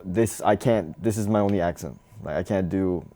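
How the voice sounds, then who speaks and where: A man's voice: deep voice, normal speed, dark tone. A man in his thirties, a guest comedian, talking casually in a self-deprecating way. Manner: self-deprecating, laid-back, with frequent restarts. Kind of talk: casual conversation.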